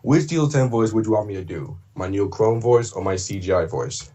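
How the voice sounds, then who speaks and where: A man chatting casually on a livestream about doing voice impressions, rambling with many fillers and throat clears. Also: on the low side, expressive, a little fast, dark tone. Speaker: streamer and voice impressionist.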